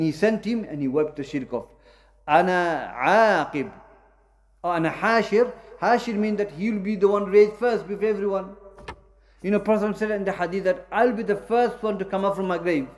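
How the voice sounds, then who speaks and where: A man teaching a lesson, explaining points with many fillers and self-corrections and mixing Arabic terms into English. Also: a little high. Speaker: Islamic studies teacher. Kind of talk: classroom lecture.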